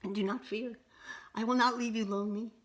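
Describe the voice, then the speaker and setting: Storybook moon spirit, soft and solemn, woman reader voicing. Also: a little high, fairly even intonation, a little fast, pitched above the performer's own voice, lightly acted. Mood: reassuring. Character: grand radiant moon spirit woman, gentle.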